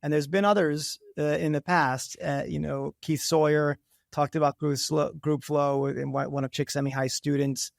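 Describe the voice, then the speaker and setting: A man's voice: on the high side, level tone, normal speed, creaky, no echo, studio quality. A man co-hosting a podcast, talking in an enthusiastic, rambling way with many restarts as he builds up long questions. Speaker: podcast co-host, science officer. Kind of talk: conversational interview.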